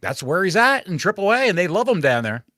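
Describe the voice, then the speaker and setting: A man co-hosts a wrestling podcast in an excitable, joking way. His voice sits at a middling pitch but swings lively up and down. The recording is dry and close. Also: brisk, no echo. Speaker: podcast co-host. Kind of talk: casual chat.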